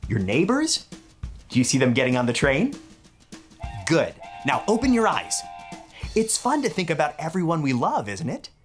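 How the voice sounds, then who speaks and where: A man in a mailman role who presents a children's Bible lesson, playful and animated, and leads call-and-response games. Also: on the high side.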